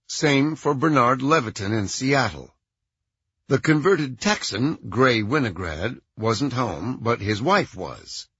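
Man narrating with a bright, lively voice. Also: medium pitch, slow, husky, no echo, highs cut off. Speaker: audiobook narrator. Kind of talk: scripted narration.

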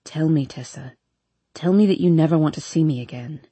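A woman voicing a brooding drunk young man who pleads in a low, slurred murmur. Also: brisk, mellow, husky, no room sound. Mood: coaxing.

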